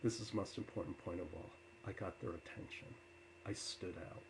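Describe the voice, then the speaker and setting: A man telling personal stories to an audience with many filler uhs, turning loud and animated when he quotes himself. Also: low-pitched, a little fast, gravelly, a little hiss or hum, rough recording. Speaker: storyteller. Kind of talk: personal storytelling talk.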